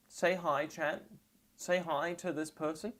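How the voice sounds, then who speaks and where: A trans woman streaming live and reacting to memes, rambling and sarcastic with deadpan asides, and tired. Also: low-pitched, vocal fry.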